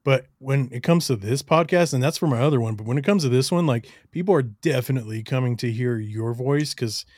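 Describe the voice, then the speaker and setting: A man co-hosting a podcast with a clear, radio-style voice, chatting in an easygoing, agreeable way. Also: medium pitch, a little fast, darkish tone, no echo, studio quality. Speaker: podcast co-host. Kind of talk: casual podcast chat.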